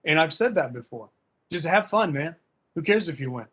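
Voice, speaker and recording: A man's voice: on the high side, animated, normal speed, a bit bright, breathy edge. A man talking casually and emphatically as a fencing coach in an online workshop, full of slang. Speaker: fencing coach and guest speaker.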